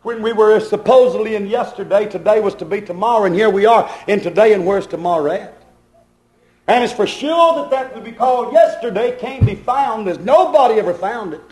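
Man preaching with a high voice, rhythmic and dramatic, recorded in an echoey hall. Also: expressive, brisk, darkish tone. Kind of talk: sermon. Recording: echoey room.

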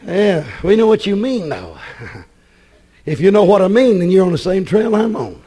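A man preaching a fiery sermon, often shouting with a preaching cadence. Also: sits high, big pitch swings, normal speed, slightly rough, rough recording.

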